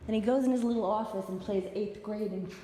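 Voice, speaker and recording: A woman's voice: mid-range voice, steady tone, fast, mellow. A woman complaining in an exasperated way about a man who spits behind her. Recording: echoey hall recording with faint noise.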